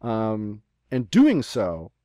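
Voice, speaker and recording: A man's voice: fairly low pitch, wildly swooping pitch, drawn-out words, mellow, no room sound, studio quality. A man running a tabletop game as game master, narrating scenes with many ums and uhs over a remote call.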